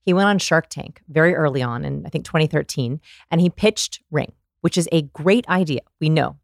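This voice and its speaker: A woman guest on a podcast, explaining research in an animated, storytelling way and acting out examples. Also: sits low, moderate pace, gravelly, no echo, clean studio sound. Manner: animated storyteller, demonstrates voices. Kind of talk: conversational explaining.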